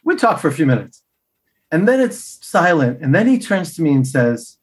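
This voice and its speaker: A man telling stories as a podcast guest, acting out the people he quotes with big jumps in pitch and laughing as he goes. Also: animated, normal speed. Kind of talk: casual storytelling.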